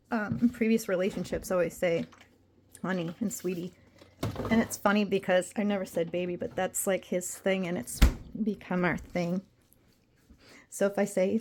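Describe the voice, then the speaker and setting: A woman's voice: medium pitch, steady tone, moderate pace, a little mellow, slight background noise. A young adult woman vlogging casually to her viewers, rambling and emotional as she drifts between topics. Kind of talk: casual chat to camera.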